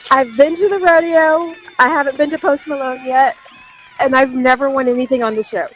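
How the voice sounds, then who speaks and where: A woman calling in to a radio show, excited and giggly. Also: high voice, normal speed, a little hiss or hum, rough recording. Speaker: caller.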